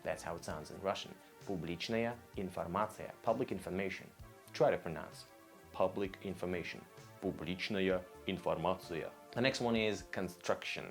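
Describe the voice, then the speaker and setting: A man giving a casual video language lesson, upbeat and speaking straight to viewers, repeating each word slowly so they can copy it. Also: sits low, gravelly, soft background music. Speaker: Russian language teacher.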